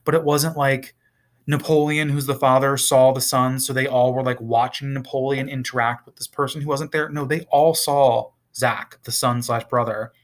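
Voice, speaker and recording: A man's voice: medium pitch, steady tone, normal speed. A man reviewing a TV series in a casual vlog, rambling and exasperated, with frequent swearing.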